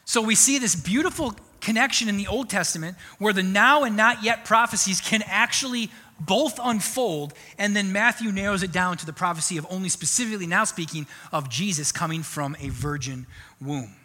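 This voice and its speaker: High bright-voiced preaching man. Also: moderate pace. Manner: animated, conversational preaching. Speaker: pastor. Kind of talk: sermon. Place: church sanctuary. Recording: long church hall reverb.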